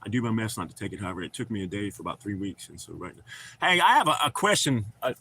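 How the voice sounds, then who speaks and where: A man's voice: fairly low pitch, big pitch swings, very fast, sharp tone, husky. A man hosting a casual livestream, telling long rambling stories, swearing freely and chatting with viewers he calls brother. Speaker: livestream host. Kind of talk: casual livestream chat, reading chat aloud.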